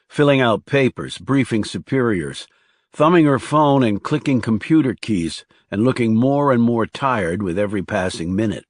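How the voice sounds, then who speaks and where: A man narrating a crime thriller audiobook in a measured, calm, understated reading. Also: fairly low pitch, no room sound, studio quality. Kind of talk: scripted narration.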